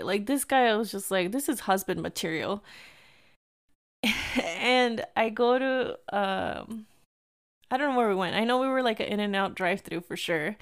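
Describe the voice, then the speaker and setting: A woman in her thirties telling a casual story, full of filler words and acted-out quotes, with a few Spanish phrases dropped in. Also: on the high side. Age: 30s.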